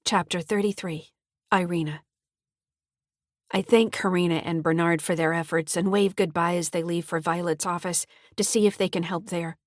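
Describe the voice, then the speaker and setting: A woman author reading her own mystery thriller as an audiobook, telling it in a steady, clear way. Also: lowish voice, normal speed, no echo, studio quality. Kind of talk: scripted audiobook narration.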